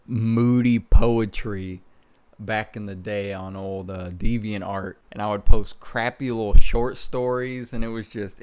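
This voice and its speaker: A man's voice: lowish voice, clean tone. A young adult man hosting a casual commentary video, mocking himself with jokes as he looks back. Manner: self-mocking, joking, laughs at himself. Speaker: YouTuber host.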